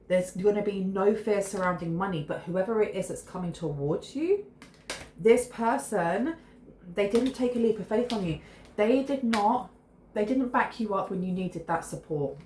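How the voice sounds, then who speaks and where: A woman's voice: lowish voice, darkish tone. A woman giving a casual, rambling tarot reading, often restarting her words. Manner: chatty, rambling, restarts mid-word. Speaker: tarot reader. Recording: echoey room with faint noise.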